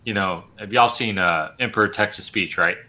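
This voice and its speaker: A man co-hosting a wargaming podcast, talking excitedly with many likes. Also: lowish voice, normal speed. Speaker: podcast co-host. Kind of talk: casual chat.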